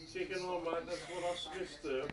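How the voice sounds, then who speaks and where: A man chatting and swearing on the phone and telling a story off-mic, picked up from across the room. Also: on the high side. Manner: chatty, laughs, swears, animated when retelling. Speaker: family member on the phone in the background. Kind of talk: casual phone chat and storytelling. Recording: distant echoey room pickup with loud noise.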